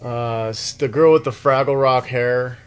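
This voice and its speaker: A man's voice: mid-range voice, a little slow, smooth. A man hosting a podcast, chatting casually in a laid-back, rambling way and laughing often. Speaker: podcast host. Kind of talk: casual chat.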